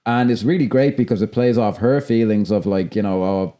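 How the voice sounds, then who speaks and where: Man with a dark voice, casual and sweary. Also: on the low side, brisk. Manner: swears casually, quotes film lines in put-on voices. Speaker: podcast co-host. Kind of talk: casual film discussion.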